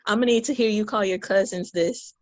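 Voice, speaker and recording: A woman's voice: mid-range voice, fast, no echo. A woman joining a casual podcast chat, laid-back and joking. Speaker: podcast co-host.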